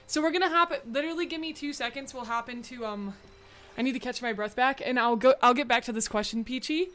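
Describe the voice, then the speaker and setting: A woman's voice: on the high side, fast talker, fairly bright tone. Bubbly young woman chatting on stream. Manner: bubbly and chatty, full of "like" fillers. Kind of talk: casual live-stream chat. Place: home room with a bright window.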